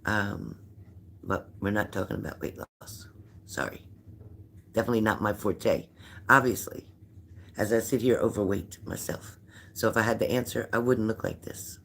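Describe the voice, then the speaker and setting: A man's voice: lowish voice, normal speed, gravelly, long pauses, a bit bright, slight background noise. Tired older man chatting on a livestream. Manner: chatty, rambling, greets viewers by name. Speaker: psychic livestream host. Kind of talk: casual livestream chat reading viewer comments.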